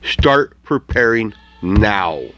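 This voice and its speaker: A vlogger with a fairly low, expressive voice rants profanely to camera, mocking and laughing at what he sees as things breaking down. He's angry, swears heavily and laughs often, speaking very slowly in a fairly bright tone over faint background music.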